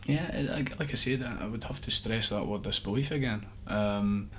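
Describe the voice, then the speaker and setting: A man's voice: lowish voice, normal speed, a bit bright, a little hiss or hum. A man, an assistant football coach, giving earnest interview answers and thinking aloud with frequent restarts.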